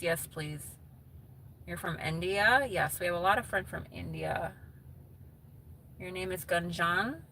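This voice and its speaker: A woman's voice: fairly low pitch, creaky, bright, forceful tone, a little hiss or hum. A woman chatting casually with viewers on a live stream, reading their comments aloud and laughing often.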